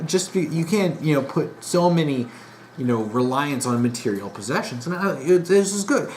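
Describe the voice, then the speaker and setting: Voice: mid-range voice, slight background noise. A vlogger in a casual monologue, rambling with restarts and sounding exasperated and disappointed. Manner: rambling, frequent restarts and fillers.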